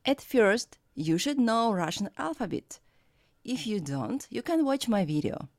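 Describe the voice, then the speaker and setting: A woman teaching a language lesson, reading her script and sounding out example words slowly and carefully. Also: fairly high pitch, very animated. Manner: slow, careful, clearly pronounced examples.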